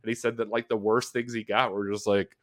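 A man co-hosting a casual film podcast, telling anecdotes in an animated way with many fillers. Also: on the low side, brisk. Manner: animated storyteller, loose with fillers. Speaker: podcast co-host.

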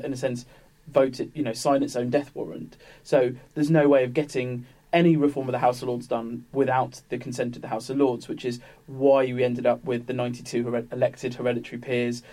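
A man talks quickly in a relaxed panel discussion, piling up asides and restarting his sentences. His pitch sits at an ordinary middle height. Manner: rambling, many fillers and restarts. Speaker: political commentator.

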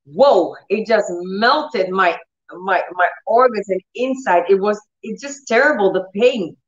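A middle-aged woman preaching and telling a personal testimony in an earnest, storytelling way, with restarts and laughter. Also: medium pitch. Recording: roomy, slightly dull recording.

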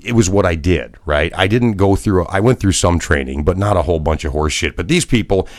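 A man's voice: deep voice, fairly quick, no room sound, studio quality. A middle-aged man and former broadcaster, co-hosting a podcast in casual chat with blunt, profane rants. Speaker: podcast co-host.

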